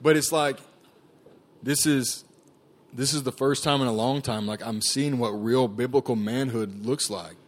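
A man's voice: mid-range voice, a little slow. Man telling his testimony, casual. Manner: casual storytelling, many fillers and "like". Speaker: ministry staff member giving testimony. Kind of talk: personal testimony talk.

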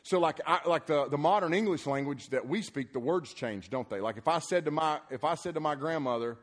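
Male preacher, slightly high voice, rousing emphatic sermon with casual joking asides. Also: a little fast. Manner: energetic and emphatic, rising into loud repeated punchlines; loose, joking and conversational in asides. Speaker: preacher at a summer youth program.

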